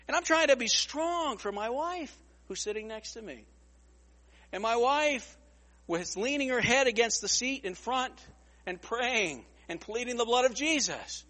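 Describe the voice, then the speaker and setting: A man's voice: very high voice, fairly bright tone, in a large hall. A man preaching a storytelling sermon, repeating words as he goes and acting out other people's lines.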